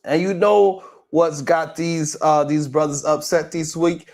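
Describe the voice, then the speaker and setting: A man's voice: on the high side, steady tone, measured pace, few pauses, darkish tone. A man hosting a morning show livestream, chatting casually and joking as he talks straight to his viewers.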